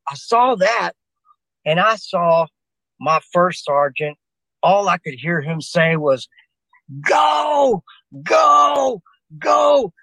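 An older man spins a long, meandering anecdote. He digresses, restarts phrases, and keeps calling out to the host. His voice sits a bit high, and the sound is dry and close with no room around it. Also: a bit bright, no room sound, rough recording. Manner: digressive, restarts often, addresses the host by name. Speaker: guest telling a personal story. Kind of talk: rambling spoken anecdote.

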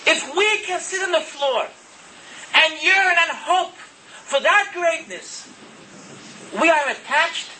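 A man's voice: very high-pitched, sharp tone, a little hiss or hum, low-quality recording. A man delivering an earnest, impassioned sermon, mixing Hebrew terms into his English. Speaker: religious speaker.

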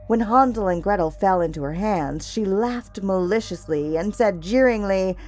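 A woman narrating a fairy tale in a measured, expressive storytelling voice. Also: mid-range voice, faint music behind.

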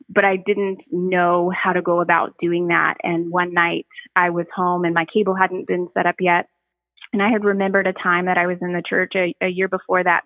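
A woman giving a personal testimony as a podcast guest, speaking earnestly and reflectively, with frequent pauses and restarts. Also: fairly low pitch, dry recording. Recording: tinny phone line, dry.

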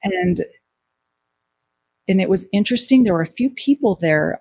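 A woman recounting her own story in an interview, her voice husky and breathy with a gravelly edge. She slips into the voices of the people she quotes, giving the telling an animated, conversational pull. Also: mid-range voice, normal speed, pauses often. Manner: animated retelling, acting out quoted dialogue. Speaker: guest.

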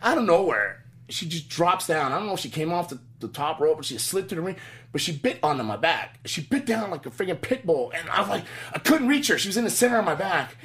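A middle-aged man tells a story in quick, tumbling bursts of casual chat. His pitch swings up and down as he goes, he laughs often and swears freely. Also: big pitch swings, a bit bright. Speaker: podcast guest.

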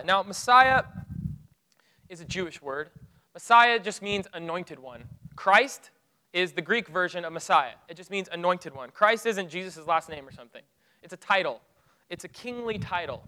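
A man preaching a sermon, retelling a Bible story with rising excitement and dropping to hushed, solemn tones. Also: sits high, rough recording. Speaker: pastor.

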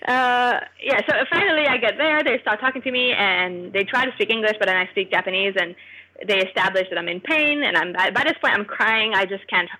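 A woman from Canada, a podcast guest, telling a story in an animated way and often laughing as she talks. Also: medium pitch, normal speed, low-quality recording. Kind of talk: casual storytelling.

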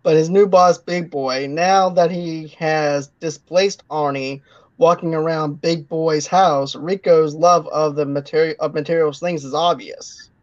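A podcast co-host walks through a film's plot in relaxed conversation, pausing and restarting now and then. The audio is dull and lo-fi with a dry, close sound. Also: mid-range voice, no room sound. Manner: recapping plot with frequent restarts. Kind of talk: casual film recap and chat.

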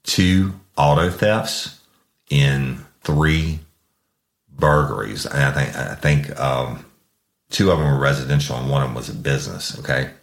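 Man, very deep voice, folksy and profane storyteller. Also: unhurried, creaky, echoey room. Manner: profane, folksy, addresses listeners as y'all. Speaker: podcast host telling a case story. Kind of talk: casual true-crime storytelling.

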